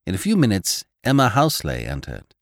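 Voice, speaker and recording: A man narrating a classic short story in an expressive, theatrical manner. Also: on the low side, moderate pace, no room sound, studio quality.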